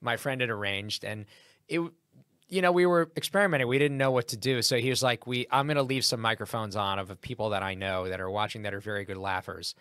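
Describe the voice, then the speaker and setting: A comedian in a podcast interview, telling a story in a lively, casual way and acting out what people said. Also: male voice, on the low side, fast, clean tone, dry recording, studio quality. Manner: animated anecdote with acted-out quotes. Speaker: comedian guest.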